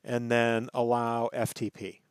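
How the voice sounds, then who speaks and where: A man's voice: medium pitch, little pitch movement, a little slow, smooth, dry recording. A man teaching a networking class over a screen recording, thinking aloud, correcting himself and stressing key terms. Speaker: networking instructor.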